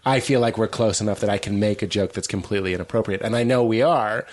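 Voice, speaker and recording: A man's voice: on the low side, quick pace. A man guesting on a comedy podcast, joking playfully in casual chat. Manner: goofy, playful, bursts into laughter and song.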